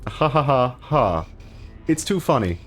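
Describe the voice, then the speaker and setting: A man's voice: on the high side, very animated, slow, soft background music, pitched above the performer's own voice, heavily acted. A man doing a cackling girlish villain. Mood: taunting. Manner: cackling, sing-song taunting. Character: giggling bloodthirsty young woman villain.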